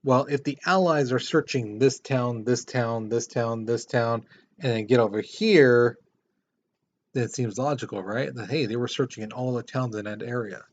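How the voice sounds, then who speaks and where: A male history teacher lecturing a class in a relaxed, conversational way. His voice sits at an ordinary middle pitch. The recording is a little dull and lo-fi. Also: normal speed. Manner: casual, conversational explaining with repetitions.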